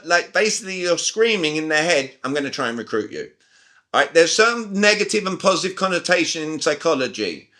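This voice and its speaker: British male sales coach, 40s, somewhat high and forceful, on a video call. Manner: emphatic, talks straight to the group with questions. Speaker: communication coach. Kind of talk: live online sales training.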